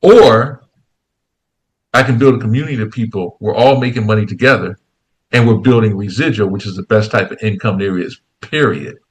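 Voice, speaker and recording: A man being interviewed, telling a story in a casual, lively way and acting out the voices of the people in it. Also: fairly low pitch, brisk. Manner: animated storyteller, acts out quoted dialogue. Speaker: guest, investing program founder.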